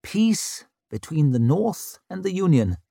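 A man's voice: fairly high pitch, sing-song, measured pace, vocal fry, warm tone, no room sound, studio quality, voice pushed up, full character voice. A man voicing a wry, formally polite young prince with an ironic edge.

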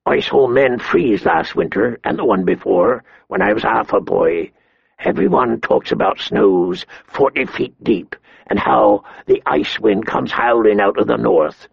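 A man's voice: lively intonation, a little slow, creaky, slightly rough, dry recording, muffled recording, heavily acted. A man voicing a grizzled, grim older man-at-arms in a heavy, brooding tone. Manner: low, heavy, brooding delivery.

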